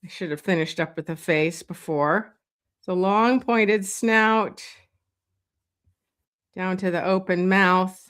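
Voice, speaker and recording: A woman leading a live drawing lesson, talking slowly and thinking aloud as she sketches, with many pauses and fillers. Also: fairly low pitch, fairly bright tone, clean tone. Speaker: drawing instructor. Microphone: streaming setup.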